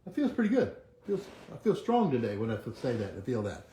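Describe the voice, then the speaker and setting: Older male motivational speaker, mellow voice, slow soft affirmations that trail off, roomy home recording. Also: mid-range voice, wildly swooping pitch, slight background noise. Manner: repeats affirmations slowly and softly, trailing off quieter. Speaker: chiropractor leading a weekly motivational march. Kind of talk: motivational self-help talk with affirmations. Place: home kitchen with a bay window.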